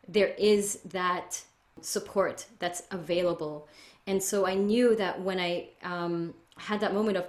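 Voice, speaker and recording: Podcast guest, woman, low earnest voice in an echoey room. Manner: earnest, spiritual, flowing. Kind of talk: reflective interview talk.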